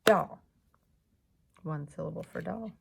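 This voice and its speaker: A woman's voice: medium pitch, animated, takes it slowly, creaky, slight background noise. A woman teacher leading a lesson for young children, patiently clapping out the syllables of words.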